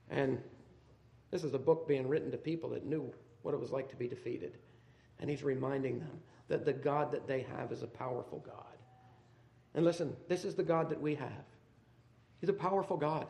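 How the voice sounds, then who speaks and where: A man delivers a sermon in a high, ringing voice, climbing to forceful peaks and then falling back to hushed, low asides. His voice carries with a roomy echo around it. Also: moderate pace. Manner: swings between loud emphatic peaks and quiet low asides. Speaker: preacher.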